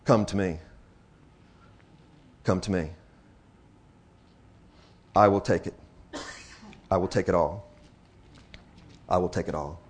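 A man with a low, husky voice preaches to his congregation. He drops into hushed, slow stretches, builds to loud, excited exclamations, and leans on repeated phrases for emphasis.

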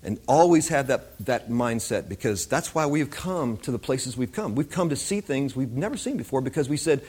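A man's voice: mid-range voice, animated, normal speed, hardly any pauses, darkish tone, breathy edge. A man preaching an informal Bible teaching in a conversational way, often repeating himself.

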